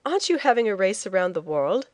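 A woman reading the lines of a brisk male shipping agent who speaks with blunt certainty. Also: mid-range voice, very animated, darkish tone, no room sound, natural voice. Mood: insistent. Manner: brisk, insistent.

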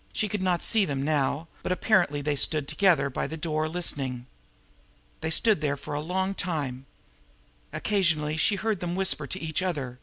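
A man reads a crime novel aloud in a steady, measured way. His voice is gravelly with a bright, sharp edge and sits slightly high. The sound is close and dry. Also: no room sound. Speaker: audiobook narrator. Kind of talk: audiobook narration of a crime novel.

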